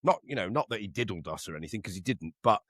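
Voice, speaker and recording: Lively man, swearing banter. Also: on the low side, fast, no room sound, studio quality. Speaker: podcast co-host. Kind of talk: casual chat.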